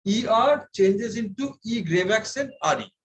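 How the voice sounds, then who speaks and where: A man from India teaches a French lesson to a class, speaking slowly in a voice that sits high for a man. Expressive and patient, he repeats words and checks that students follow, though the recording is rough.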